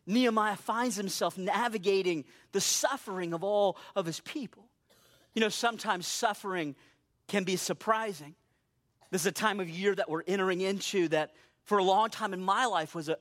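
Man preaching, high voice, emphatic and animated, slow scripture reading. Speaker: pastor. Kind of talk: sermon.

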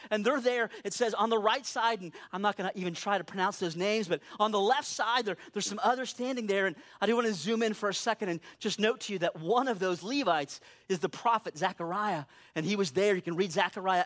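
High-voiced animated male preacher. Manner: animated, emphatic preaching with vivid storytelling. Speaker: pastor. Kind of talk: sermon.

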